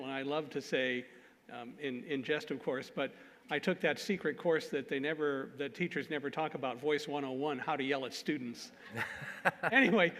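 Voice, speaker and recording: Man telling a story in a hall. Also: a little high. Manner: animated, self-deprecating jokes, laughs at himself. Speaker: conference speaker. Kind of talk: storytelling talk. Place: conference hall. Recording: long hall reverb.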